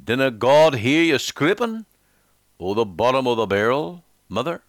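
A man's voice: medium pitch, sing-song, normal speed, dry recording, clean studio sound, voice pushed up. A man voicing a small Scottish boy who questions his weeping mother in broad Scottish dialect. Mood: pleading.

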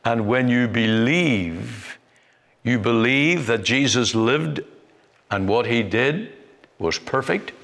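A male Bible preacher delivers a sermon at a very slow, deliberate pace, leaning on single words and leaving long pauses. His voice sits at an ordinary middle pitch. A long hall reverb trails each phrase. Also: expressive, gravelly, fairly bright tone.

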